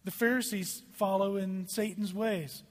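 A male pastor preaching a sermon, emphatic and animated, sometimes dropping to a hushed voice. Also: high-pitched, unhurried. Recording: hall reverb.

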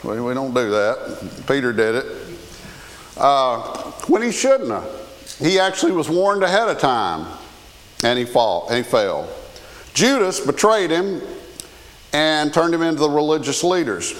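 A man with a Southern US accent preaching a sermon as pastor, folksy and animated with touches of humor. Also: fairly high pitch, unhurried, big-room sound.

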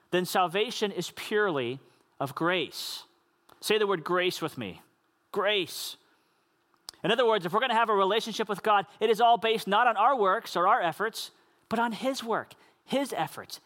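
A man's voice: high-pitched, fairly bright tone. A man preaching a sermon in an earnest, conversational way, with casual asides to the congregation. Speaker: pastor.

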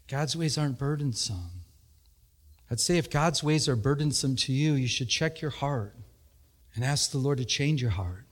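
A middle-aged man preaching a sermon, telling stories with animated energy and laughter. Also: normal speed. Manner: animated storytelling, laughing, rising to high emphatic peaks. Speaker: pastor.

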